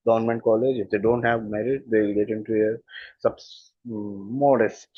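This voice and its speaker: A man's voice: on the low side, steady tone, normal speed, breathy edge, dry recording, phone-quality sound. A man with a standard Indian English accent, a communication skills coach explaining his views earnestly and stressing points by repeating them. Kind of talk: explanatory talk.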